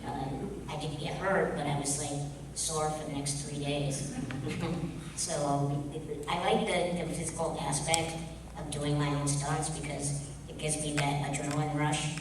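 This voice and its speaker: A man's voice: fairly high pitch, little pitch movement, a little slow, recorded from a distance, background noise. Joking man answering fans in an echoey hall. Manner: joking, offhand. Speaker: guest of honour. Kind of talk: convention panel Q&A answers. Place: convention panel hall.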